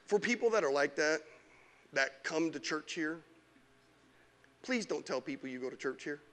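A man preaching a lively sermon as pastor in a church, teasing the congregation and mocking whiny complainers. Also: a little high, normal speed. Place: church sanctuary.

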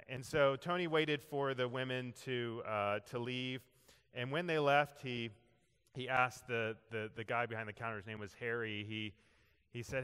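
Bright-voiced preacher in a reverberant hall. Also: male voice, medium pitch, normal speed, clean tone. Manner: animated storyteller who acts out quoted voices. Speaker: pastor. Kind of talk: sermon storytelling. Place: church sanctuary. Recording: long reverb of a large hall.

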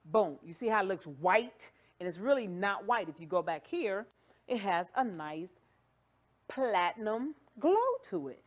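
A woman's voice: mid-range voice, expressive, measured pace. A woman hosting a livestream wig demonstration, playful and chatty, joking and cheering viewers on with catchphrases. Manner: playful, sings and jokes, hype catchphrases. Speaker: wig shop host. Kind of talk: livestream product demo.

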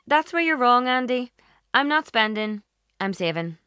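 A woman voicing a guarded, sharp-tongued young woman who answers with dry, cutting retorts. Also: fairly high pitch, very animated, moderate pace, clear, resonant tone, no echo, pitched above the performer's own voice. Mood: defiant.

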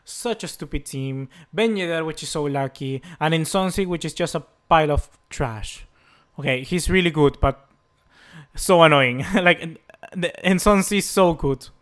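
A young man commentates his own game with a high, bright voice. He is excitable and quick to curse, often yelling straight at the screen. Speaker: gaming YouTuber.

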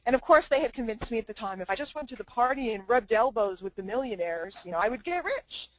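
A motivational speaker and trainer addresses a live online group, emphatic and repetitive, with chatty asides to her listeners. Her voice is a little high with lively intonation, and she talks fast. The recording quality is low.

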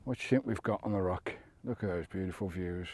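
Fast and low, with a darkish tone on a dry recording, a British man vlogs as he walks the coast. He talks chattily to the camera, gets a bit out of breath and often exclaims at the views.

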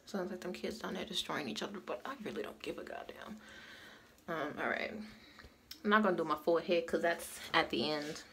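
A woman's voice: on the low side, brisk, creaky, fairly bright tone, slight background noise. A woman chatting casually through a get-ready-with-me vlog, candid and laughing often, swearing freely, recorded at home on a phone. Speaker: beauty vlogger. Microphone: phone camera.

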